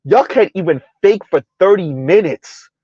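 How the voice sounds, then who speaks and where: A high-pitched man hosts a commentary, firing off mocking rhetorical questions and stretching words for emphasis. The sound is dry and a little muffled. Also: lively intonation, normal speed, dark tone, breathy edge, no room sound. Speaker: commentary video host. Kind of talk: reaction commentary.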